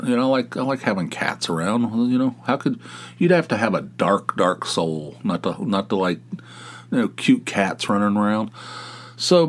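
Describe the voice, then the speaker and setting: A middle-aged man hosting a podcast, rambling through a casual comic monologue with lots of restarts and exasperated asides. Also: on the low side. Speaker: podcast host.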